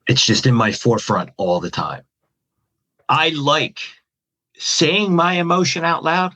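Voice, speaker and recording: A man's voice: fairly high pitch, a little slow, pauses often, sharp tone. A man, a communication trainer and podcast guest, talking through a model step by step with questions and lists. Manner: methodical, lays out points as questions and lists. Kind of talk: explanatory podcast conversation.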